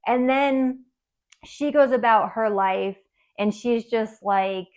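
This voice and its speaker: A woman's voice: on the high side, slow pace, a little mellow. A woman co-hosting a podcast, chatting casually and emotionally about a book, laughing often. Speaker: podcast co-host.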